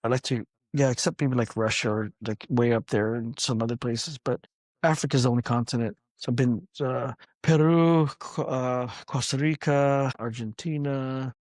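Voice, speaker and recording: Laid-back storytelling martial arts coach. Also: male voice, medium pitch, normal speed, no room sound, studio quality. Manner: energetic, loose, swears casually, acts out quoted lines. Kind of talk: casual storytelling interview.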